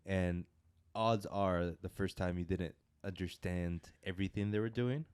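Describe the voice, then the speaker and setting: A man's voice: low-pitched, fairly even intonation, unhurried, a little mellow, clear, resonant tone, no echo. A man co-hosting a casual movie review podcast, teasing his friend and often trailing off mid-sentence. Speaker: podcast co-host.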